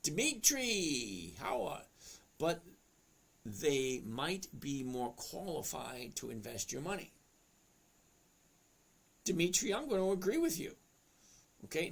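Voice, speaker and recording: Gravelly man hosting a trading livestream. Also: mid-range voice, a bit bright. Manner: chatty, greets viewers by name, explains charts step by step. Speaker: stock trading livestream host. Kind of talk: casual livestream chat reading viewer comments.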